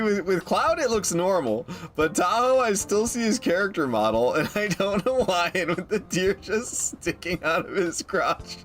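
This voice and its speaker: A man giving casual, jokey gameplay commentary, excitable and profane, laughing often. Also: high-pitched, normal speed, hardly any pauses, a little hiss or hum. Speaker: gaming YouTuber.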